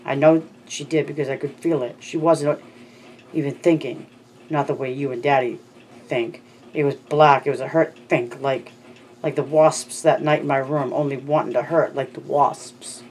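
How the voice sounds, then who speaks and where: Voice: medium pitch, steady tone, darkish tone, a little hiss or hum, natural voice. Narrator doing a frightened small boy. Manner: blurting, halting, stumbling over words.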